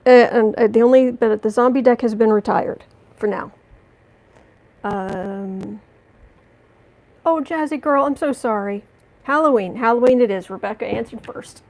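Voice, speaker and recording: A woman's voice: a little high, a little slow, long pauses, a little mellow, rough recording. A woman hosting a live tarot reading stream, reading out viewer comments and reacting with outrage, with frequent restarts and apologies. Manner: heated, indignant, talks back to viewer comments. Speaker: tarot reader and livestream host.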